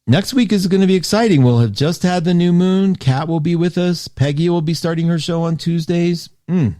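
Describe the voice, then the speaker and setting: A male radio host talking to listeners in a chatty, animated way, often breaking off mid-sentence and reading listener comments aloud. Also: on the high side, moderate pace. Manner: chatty, animated, self-interrupting. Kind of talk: live radio show monologue.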